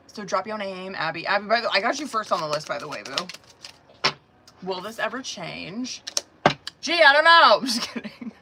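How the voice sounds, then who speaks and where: A woman with a sore throat gives tarot readings on a live stream. She speaks softly in loose, profane slang and laughs often. Steady background noise runs under her voice. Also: mid-range voice, gravelly. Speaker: tarot reader. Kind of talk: casual live-stream chat.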